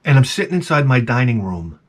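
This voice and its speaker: An older man hosting a vlog, telling a comic story in an animated, profane way and acting out his own reactions. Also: mid-range voice, fairly quick. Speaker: vlog host.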